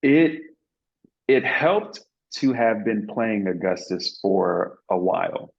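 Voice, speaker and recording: A man's voice: on the low side, lively intonation, slow, vocal fry, highs cut off. A man being interviewed as an actor, telling a story in an earnest, reflective way with many fillers and restarts.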